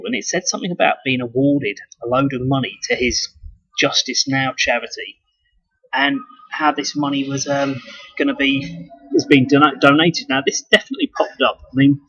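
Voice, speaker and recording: In a dull, lo-fi recording, a male video blogger from the United Kingdom rambles casually, swearing and beginning sentences again. He speaks at a normal speed in a medium-pitched voice that's a bit bright with a breathy edge.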